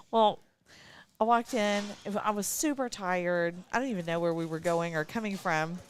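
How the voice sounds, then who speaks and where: A woman's voice: fairly low pitch, measured pace, a little hiss or hum. A woman with a Texan country accent, co-hosting live coverage of an archery shoot in casual chat, teasing and laughing often.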